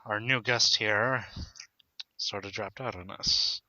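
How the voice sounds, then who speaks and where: A man's voice: lowish voice, fairly even intonation, takes it slowly, pushed and bright, no room sound. A man on a casual podcast, reading manga dialogue aloud with stammers and laughs. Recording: dull lo-fi dry sound.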